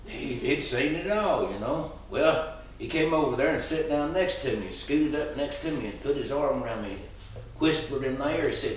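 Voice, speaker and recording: A man telling a story in a relaxed, folksy way. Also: mid-range voice, normal speed, slight background noise. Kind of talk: oral storytelling performance. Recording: roomy sound, distant mic.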